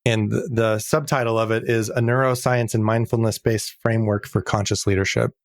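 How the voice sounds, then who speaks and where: A middle-aged man talking as a podcast guest in a casual interview, earnest and reflective, slowing down to stress key words. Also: on the low side, steady tone, no echo, studio quality.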